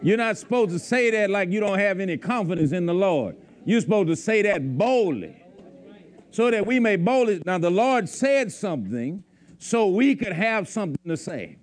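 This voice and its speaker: A man's voice: high-pitched, sing-song, moderate pace. A man preaching a sermon to a congregation, emphatic and repeating his lines. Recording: faint crowd from the congregation.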